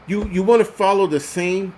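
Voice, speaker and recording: A man's voice: high voice, moderate pace, a little mellow, a little hiss or hum. A man hosting a livestream, ranting in an angry, profane, heated way and stumbling over repeated words when worked up. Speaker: host of a prepping channel. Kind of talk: livestream rant.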